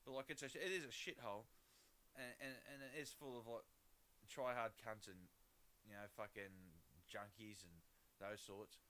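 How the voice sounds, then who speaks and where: A man's voice: fairly low pitch, steady tone, normal speed, bright, forceful tone, rough recording. A man from Western Sydney with an Australian accent, telling crude, rambling stories while livestreaming a game. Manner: profane, rambling, laughing anecdotes. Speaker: gaming livestreamer. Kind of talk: casual storytelling on a livestream.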